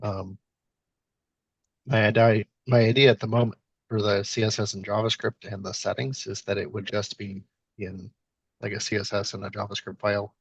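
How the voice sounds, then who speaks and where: A man's voice: fairly low pitch, level tone, normal speed, slightly rough, no room sound. A man speaking hesitantly in an online meeting over a video call, with lots of fillers. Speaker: meeting participant. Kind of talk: casual online meeting talk. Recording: dull lo-fi call audio.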